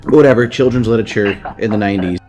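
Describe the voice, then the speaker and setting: A man's voice: on the low side, rapid-fire, music in the background. A man hosting a podcast, recapping a children's book in a casual, crude, rambling way, swearing freely. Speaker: podcast host.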